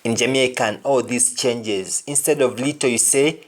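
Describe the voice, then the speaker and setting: A man giving a pronunciation lesson, saying each example word slowly and deliberately, often twice. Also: mid-range voice, lively intonation. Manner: slow, deliberate, repeats each word in pairs. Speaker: language teacher.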